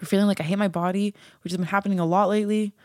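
A woman's voice: medium pitch, steady tone, rapid-fire, a little mellow, dry recording, clean studio sound. A woman hosting her own podcast, talking candidly and casually, swearing freely and poking fun at herself. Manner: frank, swears freely, self-mocking. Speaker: podcast host.

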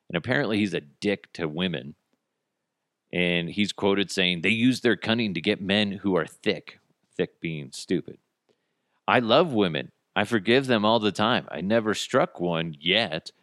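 A man's voice: deep voice, a bit bright, no echo, clean studio sound. A man hosting a podcast, telling stories in a casual, profane way and slipping into put-on voices. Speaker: podcast host. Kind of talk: casual solo monologue.

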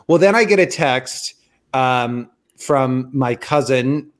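A man in his thirties co-hosting a podcast, telling a story in rambling, excitable casual chat full of fillers. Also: mid-range voice, slow pace. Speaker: podcast co-host.

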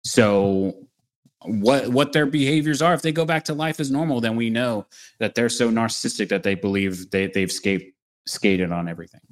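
A man speaking as a podcast guest, giving measured, analytical commentary. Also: fairly low pitch.

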